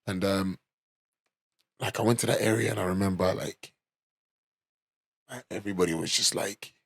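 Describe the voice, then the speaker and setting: A man's voice: low voice, normal speed, vocal fry, breathy edge. A young man from London with a London accent, hosting a podcast and telling a casual, swearing story full of "like" and "you know". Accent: London English. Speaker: podcast host.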